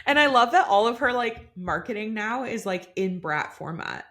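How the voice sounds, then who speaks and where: A woman's voice: medium pitch, animated, normal speed, a bit bright. A young woman co-hosting a podcast, chatting casually and gushing with frequent giggles. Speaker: podcast co-host. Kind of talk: casual chat.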